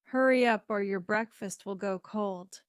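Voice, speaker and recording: Woman doing a high, shouting anxious mother. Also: a little slow, clean tone, no room sound, clean studio sound, lightly acted. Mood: fussing. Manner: shouting up the stairs. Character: anxious mother calling her grown son.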